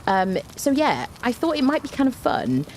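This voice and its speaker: A woman's voice: sits high, big pitch swings, moderate pace, darkish tone, slight background noise. A young woman streaming a game, chatting casually with viewers, greeting them by name with plenty of fillers. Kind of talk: casual live-stream chat.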